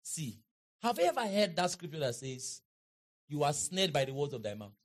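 High, lively preacher. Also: male voice, moderate pace. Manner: call-and-response preaching, rising to shouts and chanting. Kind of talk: sermon. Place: large auditorium.

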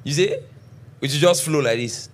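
A middle-aged man preaching a sermon as pastor, checking often that the congregation is following and reading scripture slowly. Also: on the high side, slight background noise. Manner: preaching with frequent call-and-response checks; reads scripture slowly and deliberately.

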